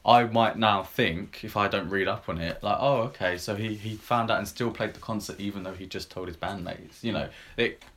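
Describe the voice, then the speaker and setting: A man hosting a podcast in casual chat, giving his views in a relaxed way and steering the talk to the next topic. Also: fairly low pitch, normal speed. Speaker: podcast host.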